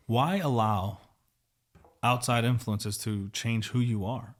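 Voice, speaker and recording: A man's voice: medium pitch, slow pace. Man, podcast host, casual chat, rambling, candid, lots of fillers. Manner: rambling, candid, says like a lot.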